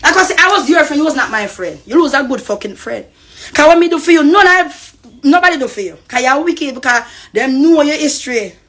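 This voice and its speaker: A woman's voice: high-pitched, lively intonation, a little fast, a bit bright. A woman from Costa Rica with a Jamaican Patois accent, ranting heatedly and profanely on a live stream. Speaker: social media personality.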